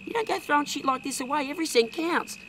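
A woman playing a loud, brash male Australian bogan junk seller who rants crudely in a comedy film. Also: high voice, animated, fast, a little hiss or hum. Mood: ranting. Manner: bossy, ranting and crude. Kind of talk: low-budget comedy film acting.

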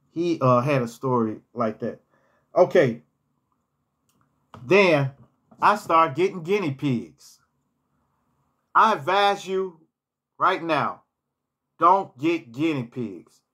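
A man's voice: a little high, animated, slow, pauses often, a bit bright, husky. A man telling personal stories in a casual storytime vlog, rambling and often repeating words and restarting his phrases.

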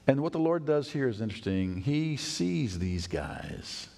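A male pastor preaching a sermon in a church, animated and acting out the voices of people in the story. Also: mid-range voice, a little slow, creaky. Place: church sanctuary. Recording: long church hall reverb.

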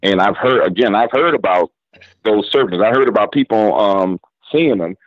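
A man from New Orleans, Louisiana, with a lowish voice and a New Orleans accent, appears as a guest on a radio show and speaks at a moderate pace with no echo. He retells a story in drawling, casual slang, acting out both sides of a back-and-forth conversation. The audio has a dull lo-fi radio quality.

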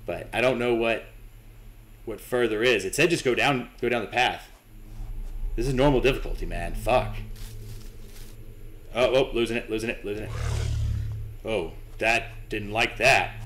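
A man's voice: medium pitch, moderate pace, long pauses, a bit bright. A young man commentating his own horror game playthrough, nervous, swearing and talking to himself and to the game. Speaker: gaming channel host.

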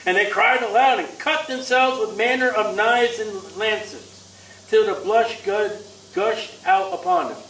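A man preaching a sermon in a combative, sarcastic way, his delivery swinging from loud to soft. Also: high voice, fairly even intonation, measured pace, a little hiss or hum. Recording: echoey room from far off.

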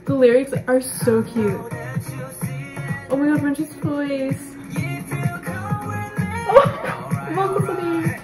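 A teenage girl reacting to a new song, gushing and excitable and breaking into squeals. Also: high-pitched, slow, pauses often, low-quality recording. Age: late teens. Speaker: vlogger. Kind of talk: music reaction commentary. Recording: song playing clearly behind the voice. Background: pop music.

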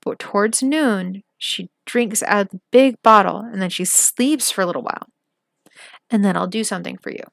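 Fierce little robber girl, blunt and bossy, gravelly edge, read by a woman. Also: medium pitch, moderate pace, a bit bright, no room sound, clean studio sound. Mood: commanding. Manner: blunt, commanding.

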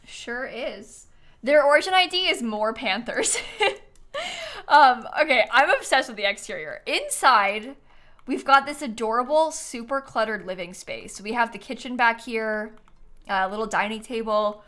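Woman, game streamer, casual live chat, bubbly, giggly, somewhat high voice. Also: measured pace, bright, forceful tone.

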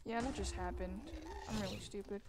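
A woman hosting a gaming video, chatting casually as she plays. She mocks herself and breaks into loud, excited exclamations. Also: medium pitch, brisk. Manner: excitable, self-mocking, bursts into loud exclamations. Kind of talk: casual gameplay commentary. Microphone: desk microphone while gaming.

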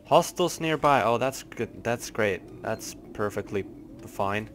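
A man's voice: on the low side, animated, a little slow, slight background noise. A young man hosting a gaming channel, giving jumpy, nervous let's play commentary with lots of swearing.

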